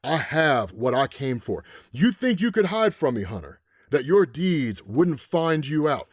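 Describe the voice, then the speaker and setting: A man voicing a grim male gunslinger who is Death, with a slow, low, menacing delivery. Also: big pitch swings, breathy edge, no room sound, studio quality, exaggerated voice.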